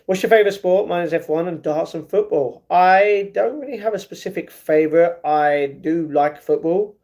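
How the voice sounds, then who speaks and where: A man's voice: sits high, moderate pace, darkish tone. Chatty young man streaming live. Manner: chatty, repeats phrases, reads chat aloud and answers. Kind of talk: casual livestream chat reading comments.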